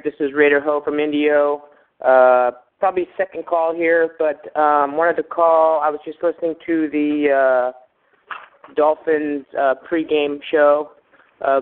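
A man's voice: a little high, little pitch movement, measured pace, clean tone. A man calling a fan show, worked up and rambling, with many fillers and curses. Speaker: caller. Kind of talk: phone-in fan message. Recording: phone line.

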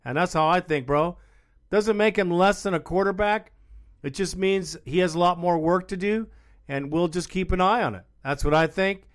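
A man's voice: high-pitched, normal speed. A man hosting a sports call-in show, talking casually and calling people bro. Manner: laid-back, calls people bro. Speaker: host.

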